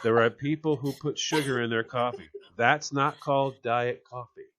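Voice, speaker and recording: A man's voice: mid-range voice, fairly even intonation, moderate pace, fairly bright tone. A man co-hosting a comedy talk show, ranting in exasperation and laughing as he goes. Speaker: radio show co-host. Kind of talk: comedic banter.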